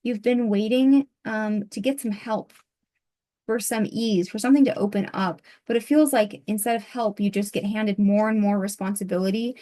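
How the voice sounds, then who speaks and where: A woman reads tarot aloud as if receiving messages, pausing often and filling the gaps with soft fillers. Her voice sounds a bit worn after a long session, and her pitch sits in a middle range. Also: fairly even intonation. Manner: soft, halting, with many pauses and fillers. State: losing her voice. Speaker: tarot reader. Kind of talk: channeled tarot reading.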